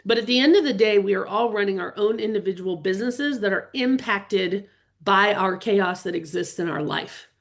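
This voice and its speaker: A woman's voice: mid-range voice, normal speed. An earnest middle-aged woman leads a live online session for real estate agents. She speaks with open feeling and talks straight to her viewers. Her voice comes through a computer webcam mic. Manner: earnest and openly emotional, chatting with viewers. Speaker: real estate business coach hosting a webinar. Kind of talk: live webinar presentation.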